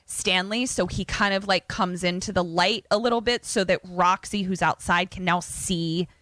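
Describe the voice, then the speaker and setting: A woman's voice: fairly low pitch, fairly even intonation, moderate pace, a bit bright. A young adult woman co-hosting a podcast, recapping a film in chatty, profane casual speech. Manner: chatty and profane, with many fillers. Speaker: podcast co-host.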